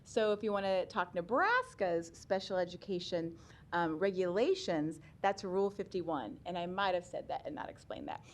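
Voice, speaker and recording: A woman's voice: lowish voice, expressive, moderate pace, a little hiss or hum. A woman giving a chatty talk on special education law at a public meeting, laughing often and using many ums.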